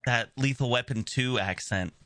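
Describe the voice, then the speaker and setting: A man co-hosting a podcast in casual chat, animated and jokey, often laughing. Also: medium pitch, moderate pace, dry recording. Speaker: podcast co-host.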